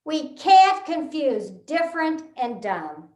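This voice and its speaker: A woman from Texas giving a humorous storytelling speech, with an animated, punchline-driven delivery and deliberate pauses. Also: high-pitched, echoey room. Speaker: contest speaker.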